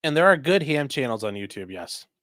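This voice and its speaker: This livestream host is very animated and a little fast, his medium-pitched voice fairly bright as he chats loosely and reads viewer comments out. There's no room sound, and the audio is clean studio quality.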